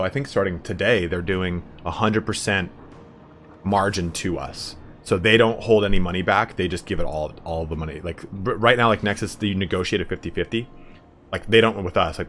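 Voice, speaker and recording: A young man hosting a casual game live stream in a somewhat low voice. He rambles from point to point, swears freely and fills gaps with "like" and "um.". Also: a bit bright, slight background noise. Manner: rambling, chatty, swearing freely, filler words.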